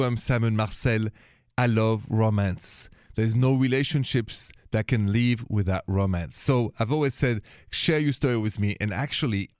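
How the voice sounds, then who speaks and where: A middle-aged French-accented man hosts a late-night style advice call-in show, easygoing and sprinkling French phrases into his English. His voice sits at an ordinary pitch. It is recorded dry and close in a studio. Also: no room sound. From France. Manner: relaxed, drops French phrases into his talk. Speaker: radio advice host. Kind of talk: call-in radio advice talk.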